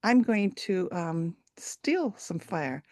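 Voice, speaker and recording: A woman's voice: lowish voice, sing-song, slow, a little mellow, no room sound, studio quality. A woman voicing a determined beaver in a folk tale. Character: determined male beaver, bold then remorseful.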